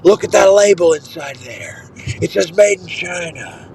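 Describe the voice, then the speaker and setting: A man's voice: high-pitched, lively intonation, measured pace, creaky, darkish tone, heavily acted. A man doing an impression of an old, folksy male president in a recorded voice message, rambling and scolding.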